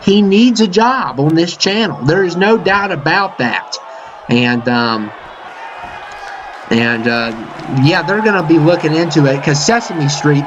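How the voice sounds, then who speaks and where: A man doing casual, excitable play-by-play commentary over a wrestling video game, full of fillers and "uh-oh" exclamations. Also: on the high side. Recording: dull lo-fi mic with game crowd and noise behind. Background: video game arena crowd noise.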